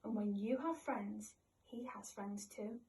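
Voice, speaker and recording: Storybook figure: a calm, wise old beaver, slow and measured, as a woman reader plays him, slightly distant from the mic. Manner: slower, lower, calm and measured.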